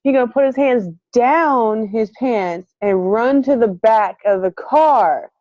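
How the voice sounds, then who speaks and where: A woman with a higher voice takes her time telling a story in casual chat, laughing often and acting out what the people in it said. She's animated, and the audio is muffled lo-fi, dry with no echo.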